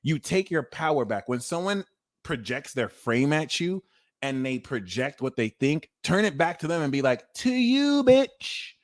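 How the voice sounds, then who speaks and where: A man in his thirties giving a livestream tarot reading, talking in a blunt, animated way and swearing freely. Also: medium pitch, moderate pace. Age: 30s. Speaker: tarot reader.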